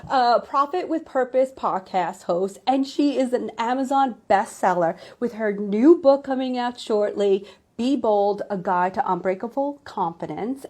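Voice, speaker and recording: A woman in her forties hosting a live-stream chat as a women's empowerment coach, gushing and excitable, tripping over her words. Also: fairly high pitch. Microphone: phone or laptop live stream.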